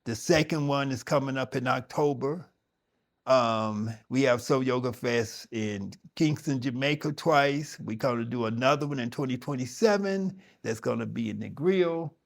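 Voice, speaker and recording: Vocal fry runs through this middle-aged yoga instructor's mid-range voice as he talks at a moderate pace. He addresses his audience conversationally and with emphasis, frequently restarting sentences.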